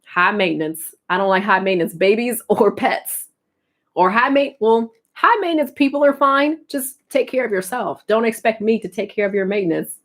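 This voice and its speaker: A woman's voice: medium pitch, lively intonation, normal speed, fairly bright tone. A young woman streamer with an American accent, chatting casually, telling stories and laughing often. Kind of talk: casual chat.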